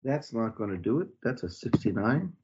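A man's voice: mid-range voice, animated, moderate pace, highs cut off, heavy background noise. A man playing a tabletop game, talking in a chatty, loose way with fillers. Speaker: player. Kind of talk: casual tabletop game talk. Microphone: online voice call.

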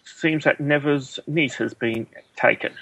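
A man's voice: medium pitch, a little slow, creaky, fairly bright tone, dry recording. A man playing a tabletop role-play character, making polite and hesitant requests. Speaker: player. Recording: dull lo-fi sound.

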